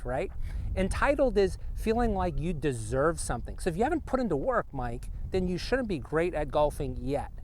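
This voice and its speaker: A middle-aged man hosting an energetic motivational talk outdoors on a golf course, speaking punchily and directly to the viewer. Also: high-pitched. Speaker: host. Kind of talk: motivational monologue.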